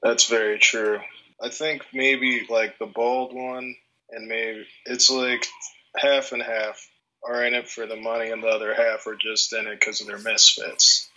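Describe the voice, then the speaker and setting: A man's voice: mid-range voice, level tone, a little slow, pushed and bright, slight background noise. A man co-hosting a podcast in casual chat, rambling and hesitant as he searches for words. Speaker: podcast co-host. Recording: dull, muffled lo-fi sound.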